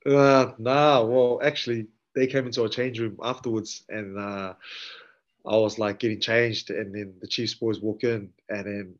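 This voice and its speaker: A man with a New Zealand accent, a rugby player and podcast guest telling stories in a relaxed, slangy way that acts out the dialogue. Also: on the low side, unhurried. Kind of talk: casual storytelling. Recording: dull lo-fi sound.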